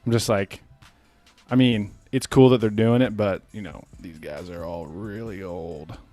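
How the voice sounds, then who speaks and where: A man's voice: lowish voice, unhurried, a little mellow, no echo, faint music behind. A man co-hosting a podcast in casual chat, laid-back and swearing, with lots of fillers. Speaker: podcast co-host.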